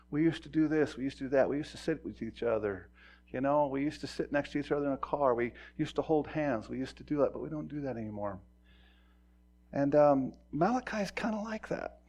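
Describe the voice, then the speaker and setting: A middle-aged man preaching a sermon in a conversational way, acting out quoted voices and moving from quiet talk to loud emphasis. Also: medium pitch. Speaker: pastor.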